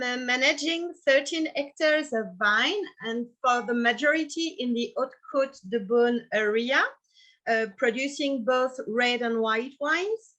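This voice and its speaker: Woman, French accent, winemaker, careful English, bright voice, video call. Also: fairly high pitch. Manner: careful, apologetic about her English. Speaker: wine producer. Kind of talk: presenting her estate.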